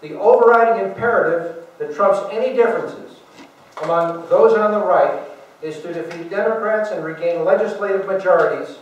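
High-voiced man speaking in an echoey hall. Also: moderate pace, recorded from a distance, highs cut off. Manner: emphatic, rhetorical asides to the audience. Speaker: guest speaker. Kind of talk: political speech to a meeting. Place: large meeting room.

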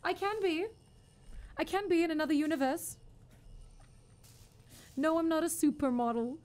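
Her voice sits high and sounds a little mellow, expressive, and at normal speed. Streaming a game live, she swears and panics during fights and turns chatty with viewers in between, thanking and addressing them directly.

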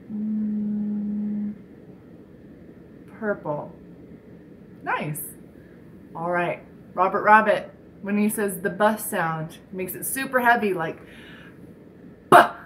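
A woman teaching a children's speech lesson, demonstrating sounds slowly and encouraging the listener. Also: medium pitch, background noise.

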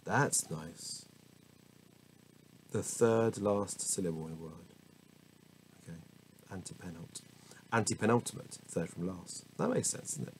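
A man's voice: deep voice, normal speed, a little hiss or hum, rough recording. A man reading dictionary entries aloud at home, often stumbling over hard words, correcting himself and laughing at his own mistakes. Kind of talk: casual unscripted reading with asides. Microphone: small camera mic.

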